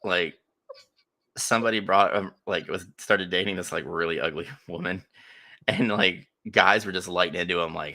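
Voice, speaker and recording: Man, deep gravelly voice, bright edge, swearing, laughing storyteller, casual podcast. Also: normal speed. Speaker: podcast co-host. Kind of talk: casual chat.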